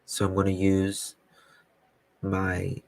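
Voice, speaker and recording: A man with a very low, gravelly voice hosts a casual live stream, answering chat comments in an unhurried, dry, teasing way. He speaks slowly into a close mic with a dry sound. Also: dry recording. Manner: calm, slow, dry, teasing. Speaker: YouTube web sleuth host reading live chat.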